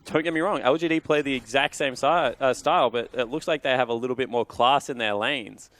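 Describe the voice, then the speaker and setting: A man's voice: medium pitch, fairly quick. A man giving casual, analytical color commentary on an esports match. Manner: relaxed analytical, casual fillers.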